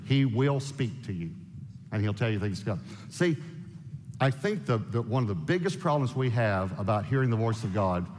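A man preaching a sermon, emphatic and animated, firing off rhetorical questions. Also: medium pitch, a little hiss or hum. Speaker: pastor. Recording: long hall reverb.

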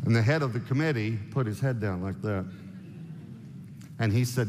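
A man preaching a sermon, emphatic and animated, firing off rhetorical questions. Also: medium pitch, moderate pace, pauses often, a little hiss or hum. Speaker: pastor. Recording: long hall reverb.

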